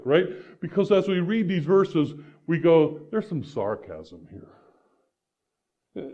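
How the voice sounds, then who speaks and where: An Iowa pastor preaches a conversational sermon in a medium-pitched voice, restarting sentences often and tossing in "right?" asides. The sound is lo-fi.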